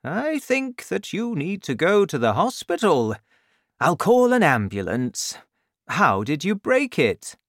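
A man's voice: high voice, slow pace, dry recording, clean studio sound, pitched above the performer's own voice, heavily acted. A man doing a kind old village doctor. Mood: kindly. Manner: excitable, raises voice when outraged.

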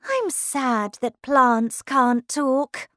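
A curious, polite young girl, as a woman reading a storybook puts her on. She sounds eager and wide-eyed, with a high voice that rises and falls a great deal. The recording is close and dry. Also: lively intonation, extremely slow, fairly bright tone, no echo, exaggerated voice.

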